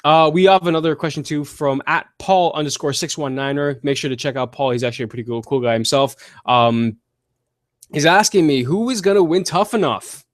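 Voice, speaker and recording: A man hosting a casual podcast, answering listener questions with blunt, profane and animated opinions. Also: fairly high pitch, fairly quick, no room sound, clean studio sound. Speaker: podcast host. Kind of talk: casual wrestling podcast chat.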